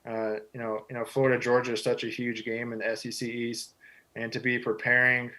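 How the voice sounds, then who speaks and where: A man's voice: mid-range voice, monotone, fairly quick, bright, forceful tone, poor audio. A man in his twenties from Texas, a quarterback answering interview questions in an easygoing, humble way with many "you know" fillers. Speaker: guest, football quarterback.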